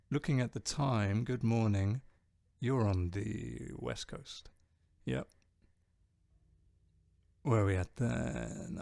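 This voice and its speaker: A man's voice: medium pitch, creaky, a little mellow, dry recording. A man chatting casually on a live stream, reading out viewer comments and rambling jokily about music. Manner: rambling, jokey, reads chat aloud. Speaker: streamer and band bassist.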